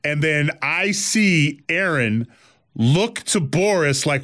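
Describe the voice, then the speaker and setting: A man's voice: fairly high pitch, takes it slowly. A man telling a story in casual conversation, acting out the quoted lines with energy. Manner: animated, acts out quoted lines.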